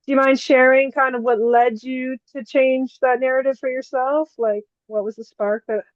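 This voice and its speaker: Woman host, slightly high voice, casual and chatty, dull dry recording. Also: fairly even intonation, moderate pace, no echo. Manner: casual, uses many fillers. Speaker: podcast host. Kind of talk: casual interview.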